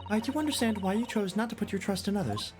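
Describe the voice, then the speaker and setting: A man's voice: high-pitched, animated, fast talker, pitched above the performer's own voice. Dude doing a proper polite young lady helper, formal, music behind. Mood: earnest. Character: refined young Japanese woman assistant, poised.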